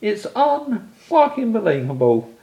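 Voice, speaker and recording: A young English football fan vlogger rants angrily to camera about his team's loss, swearing and exasperated. His voice is high and creaky with a warm tone, the pitch swooping wildly while his pace stays measured.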